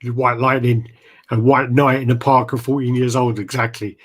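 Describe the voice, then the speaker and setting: A man's voice: medium pitch, level tone, moderate pace. A man hosting a casual livestream chat, easygoing, laughing often and reading out viewer names. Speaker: host reading live chat.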